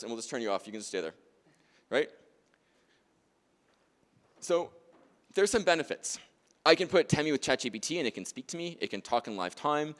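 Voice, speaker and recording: A man's voice: mid-range voice, big-room sound. A man presenting a demonstration workshop at a conference, chatty and jokey, often checking in with "right?" and "okay?". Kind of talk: lively conference demonstration talk.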